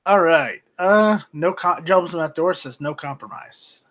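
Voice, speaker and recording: A man hosting a casual live stream off camera, reading viewer chat aloud and talking in a halting, rambling way with many restarts. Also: on the high side, fairly bright tone. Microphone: home streaming mic, voice only, off camera.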